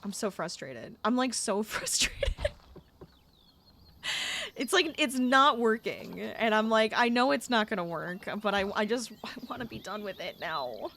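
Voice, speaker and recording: A woman's voice: on the high side, animated, measured pace, gravelly, pushed and bright, slight background noise. A young adult woman streaming a game, chatting casually with her viewers and getting exasperated as she plays. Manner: chatty, talks to chat, gets exasperated. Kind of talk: casual gameplay livestream chat.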